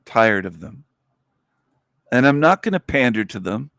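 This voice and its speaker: A man ranting bluntly on his livestream, cursing freely and dropping scornful laughs. His pitch sits in an ordinary middle range. The sound is close and dry. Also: big pitch swings, a little slow, a bit bright, dry recording. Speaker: livestream host. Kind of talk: angry rant.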